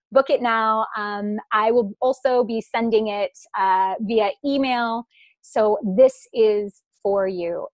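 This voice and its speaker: A woman's voice: a little high, no room sound. A woman hosting a live online masterclass, talking to participants over a video call in an encouraging, affectionate way. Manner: warm, encouraging, affectionate with the audience. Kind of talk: live webinar Q&A.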